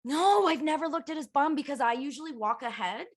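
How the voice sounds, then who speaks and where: Brief: lively woman guest, self-mocking comic storyteller, sits a bit high in pitch. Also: brisk. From Canada. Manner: animated, self-mocking, swears freely, laughs often. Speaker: podcast guest. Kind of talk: casual comedic chat.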